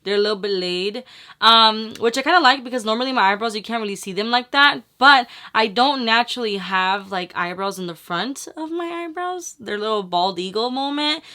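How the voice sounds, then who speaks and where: Casual makeup vlogger woman, bright forward voice, rambly and slangy, curses a lot. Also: fairly high pitch, expressive, a little fast. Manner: chatty, rambling, slangy, swears freely. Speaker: beauty vlogger. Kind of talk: casual makeup tutorial chat.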